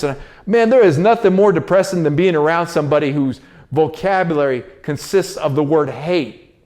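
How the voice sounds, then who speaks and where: A man's voice: a little high, normal speed, a little mellow. Preachy man giving a casual monologue. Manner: preachy, repetitive, street slang. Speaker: host.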